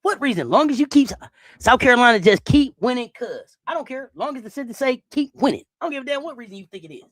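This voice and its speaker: A woman's voice: high-pitched, expressive, fast talker, no room sound. A woman hosting a sports talk stream, ranting heatedly to her viewers with lots of swearing and repeated phrases. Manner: profane, heated, repetitive ranting; addresses viewers directly and often. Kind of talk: live-chat sports rant.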